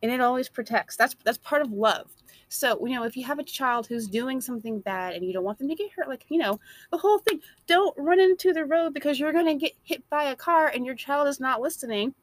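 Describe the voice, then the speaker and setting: Blunt, high-voiced woman ranting. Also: lively intonation, fairly quick, dry recording. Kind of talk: opinionated monologue.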